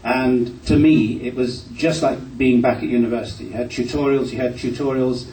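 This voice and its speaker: An older man from Glasgow answers a fan question with self-deprecating humour, now and then stumbling over his first words. His middle-pitched voice comes from a distance in a reverberant hall, with faint background noise. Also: steady tone, moderate pace. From Glasgow, Scotland. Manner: warm-hearted, self-deprecating, occasional stammering restarts. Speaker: panel guest actor. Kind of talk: anecdotal convention Q&A answer. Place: convention hall.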